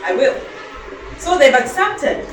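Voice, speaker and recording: A young woman leads a motivational speaking class, animated and quizzing her listeners. Her voice sits a little high. It comes from a way off the mic, in a strongly echoing hall. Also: takes it slowly, noisy background. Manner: animated, calls out questions for the audience to answer. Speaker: elocution and public speaking trainer. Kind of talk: motivational talk to a live audience. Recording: very echoey hall, voice from far off.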